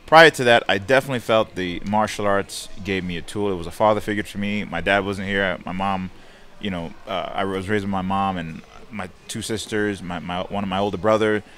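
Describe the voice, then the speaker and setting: A man's voice: low voice, steady tone, brisk, a bit bright. Blunt, profane man from Jamaica. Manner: blunt and heavily profane, reflective. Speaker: guest fighter. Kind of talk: candid radio interview. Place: radio studio.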